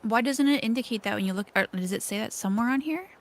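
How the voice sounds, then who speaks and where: A woman chatting quietly and hesitantly while learning a game, with playful asides. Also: on the high side, fast talker. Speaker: new player. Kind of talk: casual gaming stream chat.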